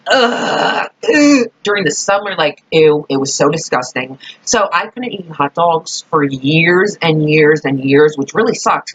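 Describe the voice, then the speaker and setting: Young-sounding woman vlogger, husky and bright, swears freely, rambles through stories. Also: low-pitched. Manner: rambling, profane, full of "like". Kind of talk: casual storytelling vlog. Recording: dull lo-fi recording.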